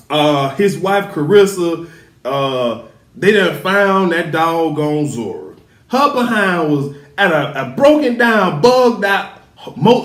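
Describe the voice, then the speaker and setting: Animated man recapping a TV drama. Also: fairly high pitch. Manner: emphatic, talks back to the characters, laughs often. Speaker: TV show recap host. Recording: roomy echo.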